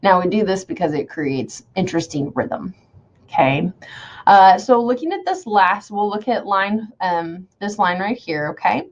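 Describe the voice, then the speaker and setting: A woman teaching an English class online, explaining step by step, often checking in with "okay?", and slowly sounding out the rhythm of poem lines. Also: mid-range voice, lively intonation, highs cut off. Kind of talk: recorded online lecture.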